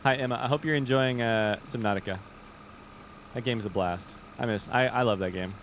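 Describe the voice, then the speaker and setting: Young man, Indiana accent, relaxed streamer thinking out loud at his desk mic, faint hum behind. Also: medium pitch, normal speed. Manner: thinks aloud, reads chat, chatty and easygoing. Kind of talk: casual live-stream chat while gaming.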